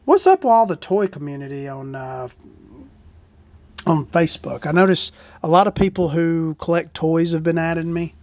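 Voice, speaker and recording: A woman's voice: low voice, normal speed, no room sound. Woman podcast host, casual and profane, recorded from a truck cab, dry tinny phone-like audio. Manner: rambling, profane, self-deprecating. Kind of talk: casual solo podcast chat. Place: parked truck in a parking lot.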